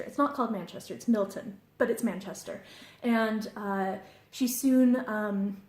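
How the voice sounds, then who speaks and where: A woman's voice: mid-range voice, a little mellow. Young woman, book vlogger, gushing, fangirling, laughs often, roomy echo. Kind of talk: enthusiastic book recommendations.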